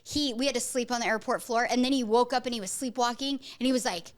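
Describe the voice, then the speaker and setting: A mother and podcast host telling a story in a rambling, animated way with lots of "like". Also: high voice, fast talker, hardly any pauses. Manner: animated, rambling, heavy use of "like". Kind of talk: casual storytelling chat.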